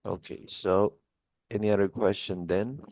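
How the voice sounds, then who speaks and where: A man's voice: lowish voice, steady tone, unhurried, a little mellow, no echo. A man tutoring a student one-on-one, patiently going over test answers with many restarts. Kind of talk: one-on-one lesson review.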